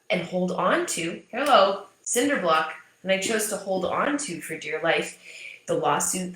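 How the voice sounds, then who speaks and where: A woman's voice: on the low side, a bit bright. A woman in her thirties, a business mindset coach, talking casually and candidly to her audience, swearing freely and repeating points for emphasis. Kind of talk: casual motivational talk to camera. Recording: echoey room.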